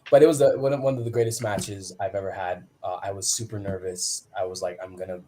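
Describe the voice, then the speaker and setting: A man's voice: fairly low pitch, fairly even intonation, a little fast, dark tone, slight background noise. A man in his thirties, a wrestler guest, chatting casually on a video call and acting out quotes in shifting voices. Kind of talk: casual storytelling chat.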